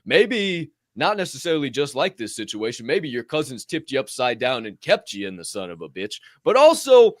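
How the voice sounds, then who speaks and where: Male podcast co-host, mid-pitched, animated, swears, dry studio sound. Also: moderate pace, few pauses, no room sound. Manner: animated, swears freely, addresses listeners as friends. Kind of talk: casual podcast banter.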